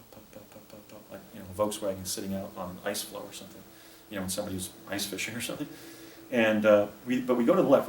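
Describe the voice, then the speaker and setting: A man in his fifties giving a public lecture in a hotel meeting room, telling stories in rambling detail. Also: medium pitch. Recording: roomy hall from far off, faint hiss.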